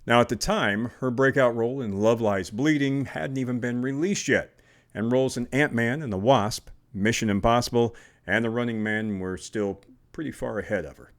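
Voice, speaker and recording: A man's voice: medium pitch, moderate pace. A man from Indiana hosting a podcast, introducing clips and reading a sponsor spot in a chatty, self-deprecating way. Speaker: podcast host.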